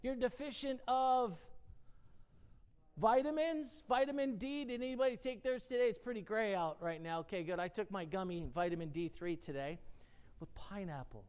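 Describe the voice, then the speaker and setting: A woman's voice: mid-range voice, normal speed, darkish tone, clean tone. A woman giving a casual devotional Bible teaching. She reads word definitions aloud, lingers on single words and asks her listeners rhetorical questions. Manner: emphatic, dwells on single words.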